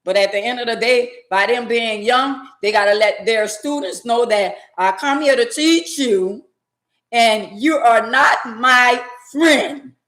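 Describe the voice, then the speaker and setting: A woman's voice: on the high side, moderate pace, few pauses, echoey room. Blunt woman talking back to chat. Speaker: live-stream host. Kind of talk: casual live-stream commentary.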